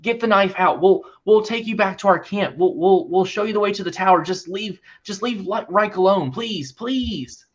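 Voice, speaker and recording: A man's voice: high-pitched, moderate pace, few pauses, pitched above the performer's own voice. A man voicing a panicked male traveler who keeps begging others to stop, heard over muffled audio. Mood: pleading. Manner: begging, frantic repeats.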